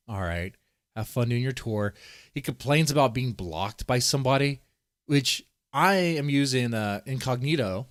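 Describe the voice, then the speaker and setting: A man's voice: on the low side, no echo, clean studio sound. A man giving rambling, profane casual commentary, often restarting his sentences as he reads posts on screen. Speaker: commentary streamer.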